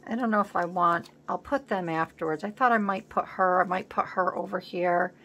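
While working at a home craft table, a woman hosting a collage video chats casually, rambling and thinking aloud, at times dropping to a soft murmur. Her voice is fairly low in pitch and moves at a moderate pace.

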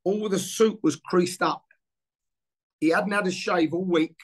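A man's voice: sits high, unhurried. A man in his sixties telling an anecdote in a casual interview, acting out the dialogue as he goes. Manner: animated storyteller acting out dialogue. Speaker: former footballer interviewee.

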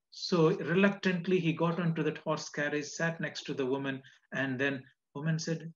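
A man's voice: mid-range voice, normal speed, lo-fi sound. A man giving a sermon as a guest preacher, telling a story earnestly and repeating phrases for emphasis.

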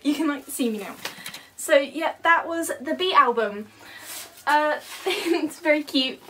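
A woman's voice: sits high, expressive, measured pace, a bit bright, slight background noise. A young woman chatting casually as she unboxes an album at home, giggling often. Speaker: vlogger. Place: at home, indoors. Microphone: camera mic.

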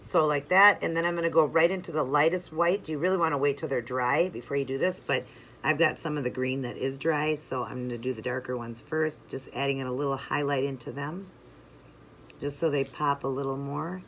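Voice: medium pitch, steady tone, brisk, a bit bright, slight background noise. Chatty nail art tutorial host. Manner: chatty, talks through each step while working. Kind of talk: step-by-step craft tutorial.

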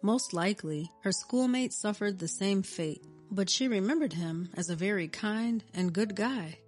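A woman reading a scripted story in a steady, even narration. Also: medium pitch, normal speed. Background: faint music.

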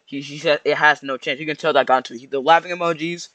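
A young man rambling through casual reaction commentary, slangy and mock-sorrowful, with restarts and drawn-out sighs. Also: a little high, steady tone, pushed and bright, no echo. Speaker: YouTuber reacting to posts.

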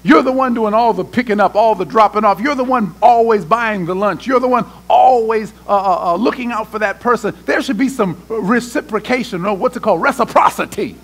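High-voiced pastor preaching a lively sermon. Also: male voice, a little fast, hardly any pauses. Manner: animated preaching, acts out prayers and voices, talks to the congregation. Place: church sanctuary.

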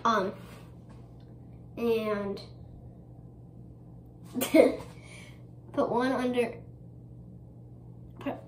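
A woman's voice: on the high side, fairly even intonation, very slow, long pauses. A young woman chatting casually in a get-ready-with-me vlog, rambling with lots of fillers and giggles. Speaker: vlogger. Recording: echoey room with ambient noise.

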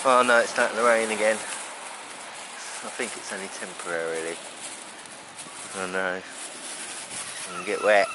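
A man's voice: lowish voice, flat delivery, measured pace, long pauses. A man, narrating a casual vlog outdoors in the rain while feeding pigeons, chatting fondly and laughing often as he calls the birds over. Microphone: handheld camera. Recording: outdoor camera audio with street noise.

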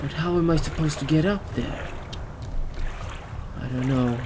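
High-voiced jittery gaming commentator. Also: male voice, measured pace, noisy background. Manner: jittery, frightened yelling at the game mixed with goofy jokes. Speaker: gaming YouTuber. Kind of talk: let's play commentary.

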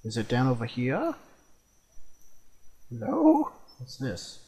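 Animated young man narrating a game. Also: medium pitch, slow pace, husky. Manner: chatty, swears, jumpy exclamations. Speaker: let's play host. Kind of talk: casual gameplay commentary.

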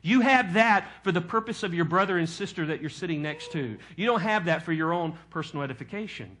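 A man's voice: a little high, expressive, a little fast, a bit bright, slight background noise. A male pastor preaching a sermon, teaching from scripture and putting questions to his congregation.

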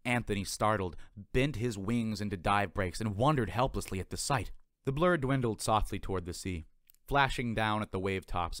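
Low-voiced man reading an audiobook. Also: no echo, clean studio sound. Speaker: audiobook reader. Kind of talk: scripted narration. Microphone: home recording.

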